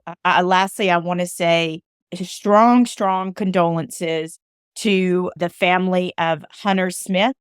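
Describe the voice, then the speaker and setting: A woman with a Southern US accent hosts a podcast, delivering a heartfelt monologue that's earnest and emotional, at times like a preacher's appeal. Her voice is lowish and smooth with a fairly bright tone, captured in studio quality with no echo.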